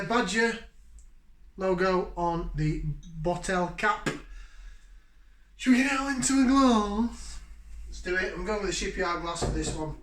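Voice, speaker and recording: A man chats through a casual beer review at home, joking and breaking into lively bursts of enthusiasm. His voice sits a little high and rings bright and forceful. The room around him is noticeably echoey. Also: a little hiss or hum. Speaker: beer review channel host.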